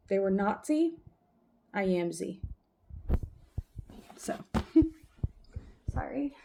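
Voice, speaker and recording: A woman vlogger who reads a text aloud haltingly and breaks off into rambling, profane talk. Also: mid-range voice, expressive, gravelly, dark tone, a little hiss or hum. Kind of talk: reading aloud and casual ranting.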